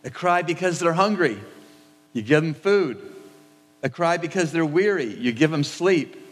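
A man preaching a sermon as pastor, in a measured, repetitive cadence in a church sanctuary. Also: fairly high pitch, expressive, long reverb tail.

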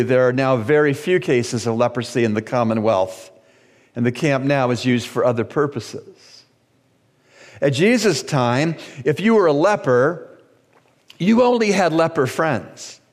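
A Bahamian pastor preaching a sermon, slow and deliberate, with dramatic pauses and sudden raised cries. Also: male voice, on the high side. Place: church sanctuary. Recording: long church reverb.

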